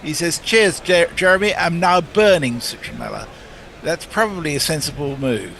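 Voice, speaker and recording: Bright laid-back male co-host. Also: on the high side, normal speed, vocal fry, a little hiss or hum. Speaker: commentary co-host reading messages. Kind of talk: casual commentary chat.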